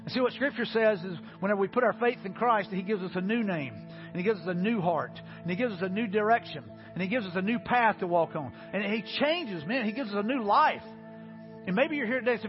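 A male pastor preaching an earnest sermon, often saying "man" and dropping to soft low tones when he makes his appeals. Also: expressive, a little fast, dull audio, over music.

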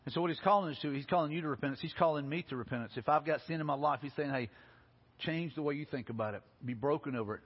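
A man preaching a sermon, telling stories in a folksy, animated way. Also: fairly high pitch, racing, breathy edge. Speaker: pastor. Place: church sanctuary. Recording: lo-fi recording with long hall reverb.

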